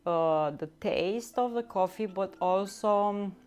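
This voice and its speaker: A woman's voice: medium pitch, slow, clean tone. A woman hosting a live stream from her home kitchen, chatting and giggling as she answers viewer comments. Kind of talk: live-stream baking chat. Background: soft background music.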